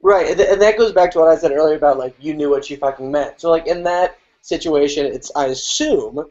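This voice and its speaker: A man who teaches improv, chatting animatedly with quick, profane asides. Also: on the high side, a little mellow. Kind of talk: casual panel chat. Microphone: video call. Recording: lo-fi video call audio.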